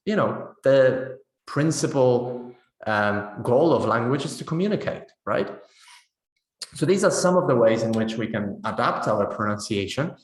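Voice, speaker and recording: A man's voice: medium pitch, lively intonation, measured pace. A man giving a teacher-training webinar on pronunciation, talking in a conversational way and often checking in with "right?". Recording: roomy echo.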